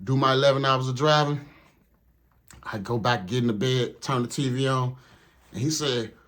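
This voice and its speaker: A man's voice: medium pitch, moderate pace, pauses often, a bit bright. A man telling a comedic story about his trucking training in a casual, profane, slangy way. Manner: profane, laid-back, slangy. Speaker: truck driver.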